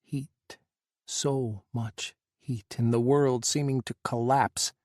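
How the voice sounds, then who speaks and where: A male audiobook narrator with a gravelly, creaky texture and a mid-range voice. He reads in a scripted, dramatic way, leaning slow on the emotional passages. The recording is dry and close. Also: medium pitch, darkish tone, dry recording.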